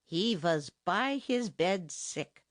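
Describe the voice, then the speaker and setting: A woman's voice: lowish voice, animated, slow pace, no room sound. A woman voicing a stubborn, sarcastic German band musician with a heavy German accent and broken English, recorded dry for an audiobook. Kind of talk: audiobook character voice.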